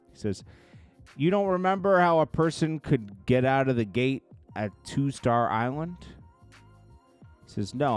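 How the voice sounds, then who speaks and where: A man reading court testimony aloud in a casual commentary style, in a low murmur broken by quick reactions. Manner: reads quotes in a low murmur, then reacts loudly with laughs.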